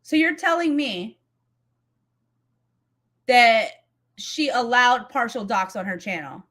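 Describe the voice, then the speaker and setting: Woman, commentary host, heated, blunt, swearing, bright piercing tone. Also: fairly high pitch, animated, slow. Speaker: commentary YouTuber. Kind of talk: angry reaction commentary.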